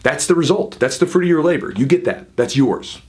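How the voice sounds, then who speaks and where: A man in his thirties, a jiu-jitsu coach, talking casually to camera with quick asides and frequent "right?". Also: a little high, expressive, a little mellow. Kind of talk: casual advice talk to camera.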